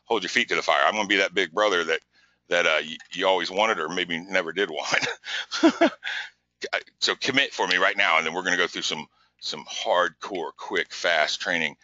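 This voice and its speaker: A man hosts a live business webinar, driving his points hard and circling back over his words. His voice is sharp and forceful, a little low. The sound is dry and dull, like a lo-fi close mic. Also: a little fast. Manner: energetic, repetitive, pushy coaching. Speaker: webinar host.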